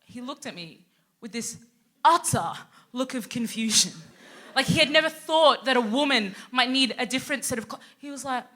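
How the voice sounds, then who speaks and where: A woman from Sudan who grew up in Australia, performing stand-up on a live stage. Her voice sits high and sounds bright and forceful. She leaps into voices for the people in her stories, full of animated energy. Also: normal speed. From Sudan, raised in Australia. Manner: animated, acts out quoted people. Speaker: comedian co-host. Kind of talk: stand-up comedy set.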